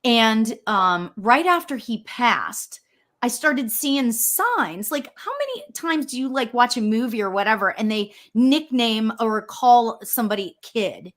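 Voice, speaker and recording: Brief: middle-aged woman host, lively swooping voice, laughs a lot, higher pitch. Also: unhurried. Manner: animated, laughs often, squeals when excited. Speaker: host, spiritual medium. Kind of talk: casual chat on a live show.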